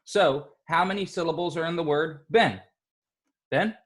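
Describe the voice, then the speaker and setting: A male teacher leading an online class, speaking slowly and patiently and encouraging the children. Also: on the high side. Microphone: computer mic on a video call.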